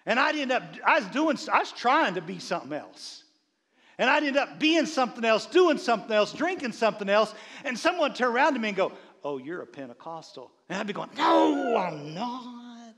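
A man preaching a sermon as a bishop, animated, with frequent stammered restarts and quiet asides. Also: extremely high pitch, fast. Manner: drops into quiet asides and quoted voices. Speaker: bishop and pastor.

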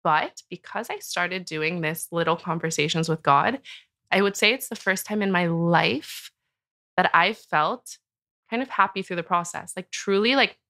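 Chatty woman host, bright voice. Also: fairly low pitch, moderate pace. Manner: chatty, many "like" fillers, acts out her own inner talk; laughs often while talking. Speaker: podcast host. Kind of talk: casual chat.

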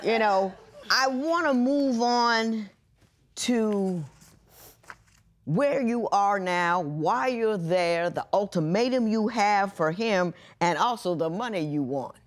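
A woman's voice: medium pitch, animated, takes it slowly. A woman judge presiding over a TV courtroom, asking probing questions with dry humor. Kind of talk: courtroom TV hearing.

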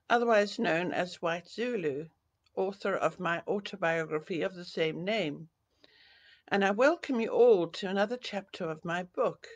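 An older woman from Africa, reading her own memoir aloud in an unhurried storytelling manner. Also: fairly low pitch, no echo. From South Africa. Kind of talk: audiobook reading. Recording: dull lo-fi dry recording.

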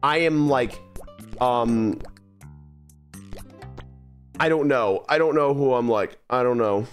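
A man's voice: mid-range voice, slow, smooth, soft background music. Self-mocking young male streamer. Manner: restless, self-mocking, repeats phrases under his breath. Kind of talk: live gameplay commentary.

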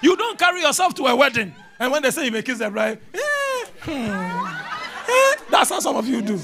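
Lively, high-voiced preacher man. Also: fast, gravelly, crowd noise. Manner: animated, mimics voices and sounds, laughs and shouts. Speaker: prophet preaching. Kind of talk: lively charismatic sermon.

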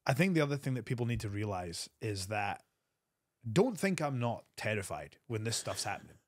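Give me a man telling stories with lively jumps in pitch, in a dry studio. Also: dry recording. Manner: animated storyteller, quick bursts of pitch. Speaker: wrestler guest. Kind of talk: storytelling interview.

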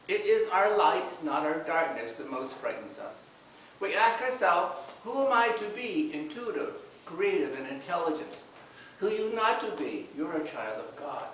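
A man delivers a church sermon in a slightly high voice, opening with a lighthearted story before turning earnest. He is recorded from a distance in a very echoey hall. A faint hiss runs under the recording. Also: sing-song, moderate pace, a bit bright. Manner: humorous storytelling then earnest preaching. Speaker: minister.

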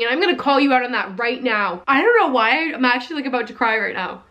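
A woman's voice: a little high, expressive, quick pace, sharp tone. A young woman giving heated reaction commentary from her basement, talking with lots of "like" fillers. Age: young adult. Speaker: commentary YouTuber. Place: home basement.

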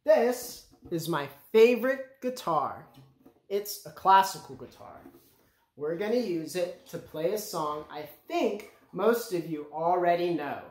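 A man leading a children's music lesson, his voice rising and falling in an animated, lively way. He speaks slowly and clearly, coaxing the little ones to sing along, and the recording has a roomy echo. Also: sits high. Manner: slow, clear and encouraging, speaking directly to children. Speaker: music teacher for young children.

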